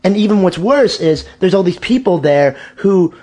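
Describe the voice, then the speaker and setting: A man's voice: sits high, lively intonation, normal speed, warm tone. A young man telling a casual anecdote, repeating himself and tossing "man" into nearly every sentence. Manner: peppers speech with "man", repeats and restarts phrases. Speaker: storyteller.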